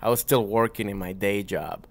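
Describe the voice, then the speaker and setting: A young man, a comedian and voice actor, chatting casually as a guest, relaxed and rambling, full of fillers and restarts. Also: on the low side, moderate pace, gravelly. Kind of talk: casual interview chat.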